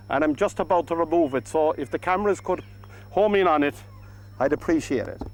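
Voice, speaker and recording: An Irish man giving a painting demonstration outdoors by a lake, talking gently and coaxing the paint onto the canvas. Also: a little high, rough recording. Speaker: painting instructor.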